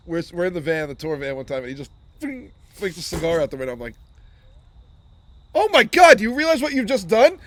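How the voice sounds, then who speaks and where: A man with a slightly high voice talks fast while co-hosting a relaxed band Q&A. He tells tour stories in an animated way and swears often. His speech is quick and loose. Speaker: band member co-hosting a live Q&A. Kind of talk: casual chat.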